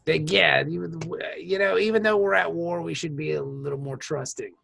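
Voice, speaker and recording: A woman's voice: deep voice, fairly even intonation, normal speed, creaky, fairly bright tone. A woman co-hosting a casual podcast, chatting loosely about a TV show and breaking into playful bits. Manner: playful, slips into silly put-on voices and laughs a lot. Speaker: podcast co-host. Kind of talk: casual chat.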